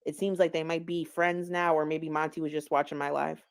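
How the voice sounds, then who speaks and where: A woman's voice: low voice, flat delivery, fairly quick, gravelly, smooth. A woman giving casual, gossipy commentary on online drama. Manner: chatty, gossipy, laughs at own stumbles. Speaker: commentary streamer.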